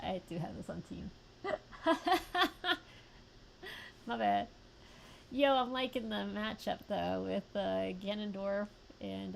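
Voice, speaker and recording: A young woman streaming a fighting game, reacting with quick yelps, groans and laughs between plain remarks. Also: medium pitch, creaky, slight background noise. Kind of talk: live gameplay commentary.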